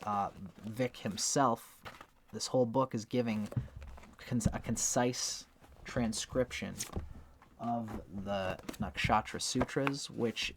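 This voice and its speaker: A man's voice: mid-range voice, gravelly. Conversational man explaining astrology. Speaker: astrology teacher. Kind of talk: casual spoken book review.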